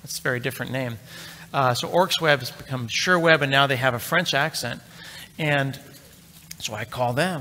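A man's voice: medium pitch, moderate pace, sharp tone, a little hiss or hum. A middle-aged man giving a live conference tech talk, telling a story in a chatty, joking way and speaking straight to the crowd. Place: large conference hall. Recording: long reverb of a large hall.

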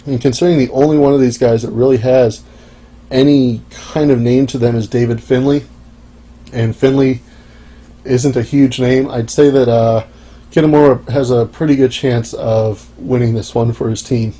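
A young man hosts a solo podcast in a loose, offhand way, dropping wry asides between pauses. His voice is mellow and a touch husky, sitting at an ordinary middle pitch. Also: steady tone, low-quality recording. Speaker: podcast host. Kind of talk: casual solo podcast monologue.

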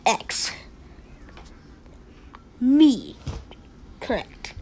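A woman voices every cat in a homemade cartoon, her high voice leaping all over the place. She lets out frequent shrieks and goofy sound effects, and between them she drags her lines out very slowly. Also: expressive. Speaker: amateur animator voicing all characters. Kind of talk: playful homemade cartoon voicing.

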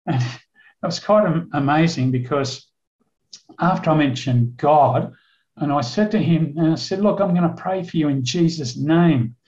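A man's voice: on the high side, unhurried, a little mellow. Older man, sermon storytelling, roomy church echo, muffled. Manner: vivid storytelling, acts out dialogue in his telling. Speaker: guest preacher, retired police officer. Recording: echoey, dull church recording.

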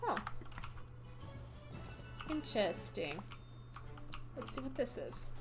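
A woman streams a game, chatting to herself and her viewers in a high, very animated voice. She reads the on-screen text aloud as she goes, and quiet game music plays in the background. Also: slow pace. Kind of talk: casual gameplay commentary.

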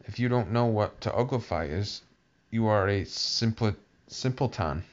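A man's voice: on the low side, measured pace, close to an everyday voice. A man voicing a blunt know-it-all gryphon. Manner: blunt, decided. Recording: dull lo-fi recording.

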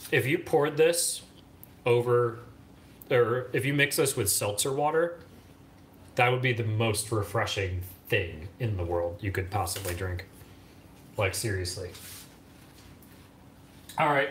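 A man's voice: mid-range voice, measured pace, long pauses, a bit bright, slight background noise. A man hosting a home cooking vlog, chatting in a rambling, enthusiastic way as he mixes a cocktail. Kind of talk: casual chat. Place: home kitchen. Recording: echoey kitchen with clattering dishes.

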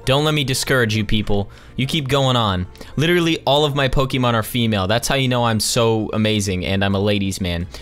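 A man's voice: medium pitch, a little fast, hardly any pauses, fairly bright tone, soft background music. A young man casually commentating a video game, slangy and jokey, with sarcastic asides. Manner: slangy, jokey, sarcastic, calls everyone dude. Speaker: gaming channel host. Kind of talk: casual let's-play commentary.

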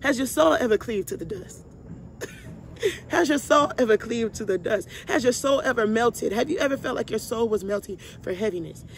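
A woman's voice: fairly high pitch, animated, brisk, few pauses, a little hiss or hum. A young woman vlogger leading a Bible study, speaking emphatically and heartfelt, repeating lines for stress and calling her viewers y'all. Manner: addresses viewers directly as y'all. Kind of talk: casual preaching to viewers.

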